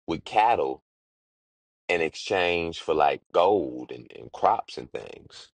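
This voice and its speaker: Very deep-voiced man, slangy retelling. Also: a little mellow, no echo. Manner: slangy, quick, acts out characters in everyday street talk. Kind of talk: casual comedic retelling of a Bible story.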